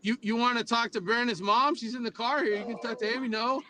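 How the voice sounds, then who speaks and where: A man's voice: very high voice, fairly even intonation, quick pace, sharp tone, slight background noise, low-quality recording. A man calling in by phone from inside a car, easygoing and laughing often as he talks. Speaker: phone-in guest, youth football coach. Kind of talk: casual phone call from a car.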